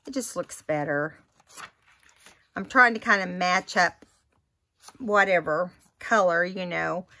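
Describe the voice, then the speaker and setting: A woman's voice: on the low side, slow, bright, forceful tone. A woman hosting a casual crafting tutorial, chatting and thinking aloud as she works.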